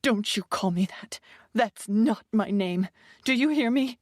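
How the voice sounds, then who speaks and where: A woman voicing a shrill, furious mother being questioned. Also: normal speed, dry recording, studio quality, lightly acted. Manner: shrill, tearful outbursts. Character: distraught mother under interrogation, woman.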